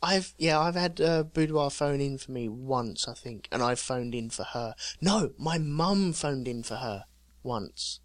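A man's voice: mid-range voice, lively intonation, unhurried, hardly any pauses, no echo. A man co-hosting a podcast, casually chatting and reading out odd news stories with a joking, storytelling manner. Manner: jokey storyteller, reading out news items with chuckles. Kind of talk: casual chat.

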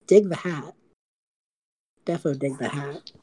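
A woman's voice: sits low, takes it slowly, warm tone, slightly rough, no room sound, exaggerated voice. A woman voicing a crude, teasing undead skeletal woman, blunt and profane.

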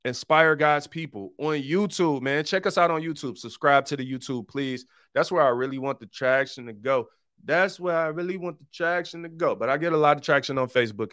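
A man hosting his own podcast in a casual, animated, preachy monologue full of slang. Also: medium pitch, clear, resonant tone, no echo, studio quality. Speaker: podcast host.

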